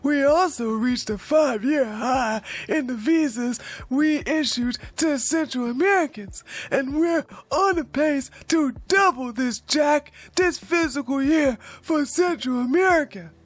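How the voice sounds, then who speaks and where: A woman's voice: sits high, unhurried, few pauses, voice pushed up. A woman putting on a mocking impression of a boastful older male president.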